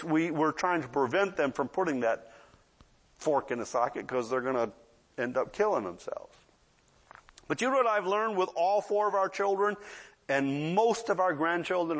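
A man's voice: a little high, lively intonation, normal speed. A man in his sixties preaching a sermon in a conversational way, often checking in with the audience and acting out children's voices in asides. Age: 60s.

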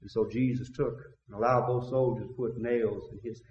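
A man preaching a fiery sermon in a church, dropping to low murmurs and then building to shouted climaxes, with call-and-response asides. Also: steady tone, normal speed. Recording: echoey, muffled church recording.

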